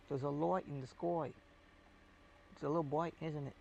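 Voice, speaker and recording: Gravelly, rambling man chatting while gaming. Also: on the high side, fairly even intonation, moderate pace, a little mellow, lo-fi sound, a little hiss or hum. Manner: rambling and hesitant, with many fillers. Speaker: game streamer. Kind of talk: casual chat while playing a game.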